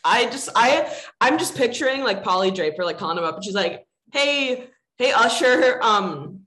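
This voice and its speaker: A woman's voice: medium pitch, animated, fairly quick, fairly bright tone. A woman co-hosting a podcast in casual chat, who swears freely and laughs often. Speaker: podcast co-host. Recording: roomy echo.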